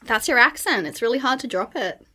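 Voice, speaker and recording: Brief: Aussie woman guest, a bit high, quick chatty storyteller. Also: lively intonation, sharp tone. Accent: Australian. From Australia. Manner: fast-talking storyteller. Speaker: podcast guest. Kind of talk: casual interview chat.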